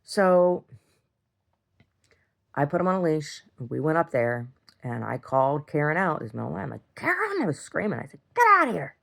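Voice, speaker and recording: A woman's voice: sits low, expressive, moderate pace, creaky, long pauses. A middle-aged woman telling a story in a casual video diary, rambling, restarting and repeating words, and swearing when heated. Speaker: video diarist.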